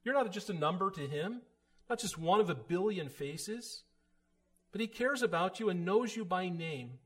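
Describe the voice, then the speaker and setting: A man's voice: high-pitched, animated, moderate pace. A man preaching a sermon in an earnest, emphatic way, voice rising for emphasis.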